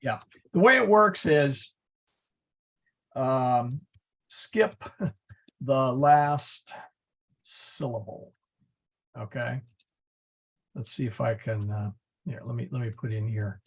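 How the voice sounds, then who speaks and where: A man teaching a class, explaining step by step in a patient, methodical way with frequent pauses and fillers. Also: mid-range voice, vocal fry, fairly bright tone, husky. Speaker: Latin teacher.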